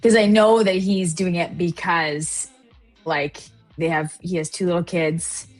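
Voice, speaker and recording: A woman's voice: fairly low pitch, fairly even intonation, a little slow, faint music behind. A woman from Canada telling personal trading stories in a casual, reflective chat. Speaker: trader guest or co-host. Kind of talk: casual live-stream chat.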